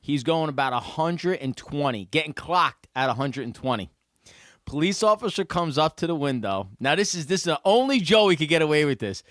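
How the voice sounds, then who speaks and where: A lively New Jersey man co-hosts a podcast, telling stories in casual chat with a fairly high voice at normal speed. He's an animated storyteller who acts out quotes and laughs often, recorded dry with clean studio sound.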